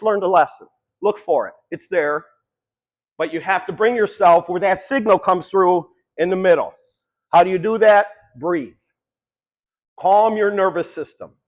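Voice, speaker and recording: A man's voice: high voice, rough recording. A man giving a long-winded, conversational motivational talk about addiction, swearing casually as he tells stories. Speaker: speaker.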